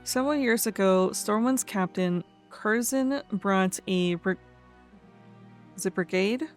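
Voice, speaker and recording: Woman gamer host, mid-pitched, reads quest dialogue aloud between chatty asides; faint game music behind. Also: slow. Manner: chatty, laughs often, stumbles over fantasy names. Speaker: let's play host. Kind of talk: casual gameplay commentary, reading quest text aloud.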